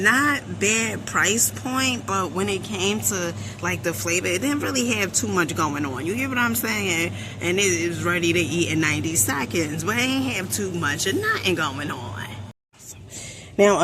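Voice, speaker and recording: Sassy chatty woman with a low voice. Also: background noise. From New Jersey. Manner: chatty and sassy, calls viewers honey, quick asides. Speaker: shopping haul vlogger. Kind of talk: casual product review vlog. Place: inside a store.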